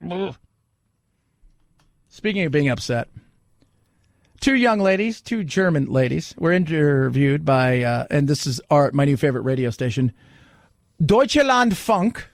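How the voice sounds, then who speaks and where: A man's voice: a little high, lively intonation, unhurried, creaky, long pauses, no echo, clean studio sound. A man hosting a talk radio show, delivering an opinionated monologue with sarcastic, mocking asides.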